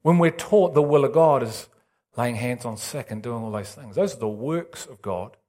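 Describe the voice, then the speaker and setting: A man's voice: mid-range voice, lively intonation, moderate pace, warm tone. A man preaching a sermon with urgent intensity and emphatic repetition.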